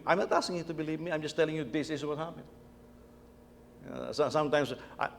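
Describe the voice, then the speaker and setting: A man's voice: medium pitch, fast, gravelly, slight background noise. Man preaching in an echoing hall. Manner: conversational, repeats words, tells family anecdotes. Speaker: pastor. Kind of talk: sermon. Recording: long reverb of a church hall.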